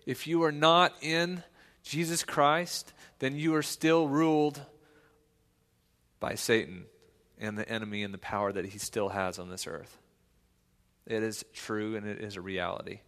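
Pastor preaching in an echoing hall. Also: male voice, lowish voice, measured pace, long pauses. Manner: conversational storytelling, swings loud and emphatic. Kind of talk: sermon.

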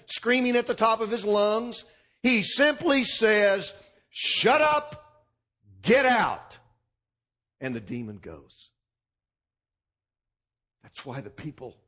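A man preaching a sermon, driving his points home with punchy repeated lists. His voice sits fairly high and moves in lively, wide swoops of pitch. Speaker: pastor.

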